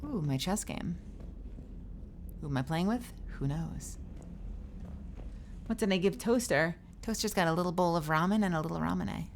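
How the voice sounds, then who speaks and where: A woman streamer chatting playfully through live gameplay commentary, with bursts of squealing and yelling. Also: on the low side, normal speed, long pauses, slight background noise.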